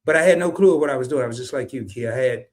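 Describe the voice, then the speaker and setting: A man hosting a casual interview show, an animated, folksy storyteller who jokes with his guest. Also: mid-range voice, racing. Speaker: podcast host.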